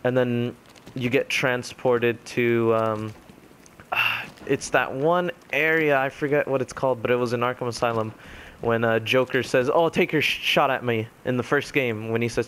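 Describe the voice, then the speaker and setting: A young man casually retelling a video game ending, rambling with many fillers and quickly mimicking the characters' lines. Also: medium pitch, fairly bright tone, clean tone. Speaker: gaming commentator. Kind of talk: casual spoken game recap.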